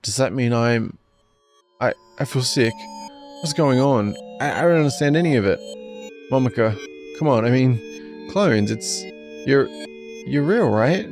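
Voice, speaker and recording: A man's voice: animated, a little slow, long pauses, music in the background. A man voicing a frightened teenage schoolgirl in a horror game, stammering and pleading in a raised voice. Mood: shaken. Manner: stammering, high-pitched pleading.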